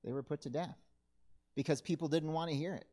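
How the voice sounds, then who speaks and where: A male pastor delivering a sermon in an earnest, measured way, sometimes correcting himself mid-sentence. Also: fairly high pitch, fairly even intonation, dark tone. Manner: earnest, measured preaching with occasional self-corrections.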